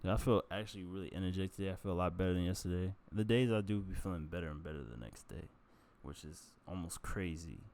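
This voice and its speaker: A man's voice: deep voice, fast talker, vocal fry, hardly any pauses, a little mellow. A man talking casually to his vlog audience in a candid, rambling and profane way, full of self-mockery. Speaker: vlogger.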